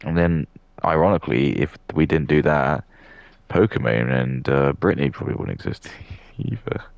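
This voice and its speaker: A man in his thirties with an extremely deep voice and a gravelly edge, chatting and ranting loosely as he builds models. He rambles and swears freely. The sound is dry and close. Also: animated, moderate pace, dry recording, lo-fi sound. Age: 30s. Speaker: streamer. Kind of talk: casual rambling chat while building models.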